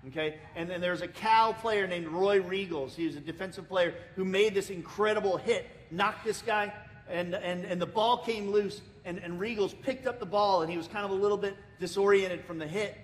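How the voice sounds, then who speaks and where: An American man preaching a sermon as pastor, telling a story with lots of repeated words and restarts. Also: normal speed. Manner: lively storytelling, acting out the people in it. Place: church sanctuary. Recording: reverberant church hall, faint rumble.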